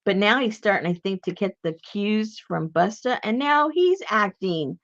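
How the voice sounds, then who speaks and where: Chatty woman crafting, lively pitch. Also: measured pace, no room sound, muffled recording. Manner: chatty, rambling, laughs easily. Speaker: crafting channel host. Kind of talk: casual chat while crafting.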